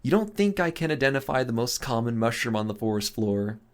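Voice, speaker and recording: A man's voice: mid-range voice, big pitch swings, a little fast, natural voice. A man voicing Emil, a confident, easygoing young man who talks in a soothing, coaxing way. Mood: reassuring. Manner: coaxing, reassuring.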